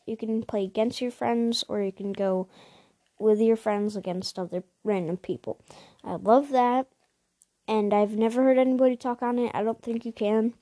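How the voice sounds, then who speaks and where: Casual podcast host, woman, rambly and chatty, mellow voice, a bit high, dry sound. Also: no room sound. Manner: rambling, many fillers and restarts, apologetic asides. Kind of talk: casual chat about video games.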